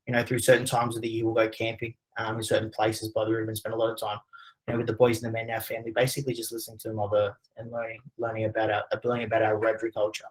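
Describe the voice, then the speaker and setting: A man's voice: lowish voice, monotone, racing, rough recording. A man with an Australian accent, presenting a webinar and telling a personal story in a conversational way, with many fillers. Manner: conversational, frequent "you know" fillers.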